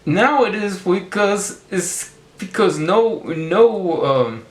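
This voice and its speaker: A man with a fairly high voice rambles through a comic monologue, stopping and restarting his thoughts constantly. The recording rings with the echo of a bare room. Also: expressive. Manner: halting, rambling with many restarts. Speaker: vlogger.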